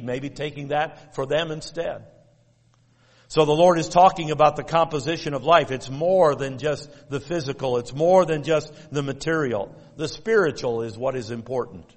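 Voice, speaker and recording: A man delivering a sermon, teaching in a measured, emphatic way and repeating key phrases. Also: on the high side, big-room sound. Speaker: preacher.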